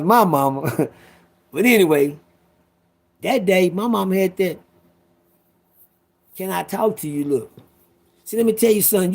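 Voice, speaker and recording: A man's voice: high-pitched, vocal fry, darkish tone, slightly rough. A man in his fifties telling a personal story in a rambling, profane way, talking straight to his listeners. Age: 50s.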